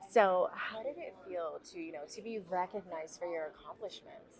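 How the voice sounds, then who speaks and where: A woman interviewing a guest at a conference, enthusiastic and quick to exclaim. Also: fairly low pitch, poor audio. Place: conference venue.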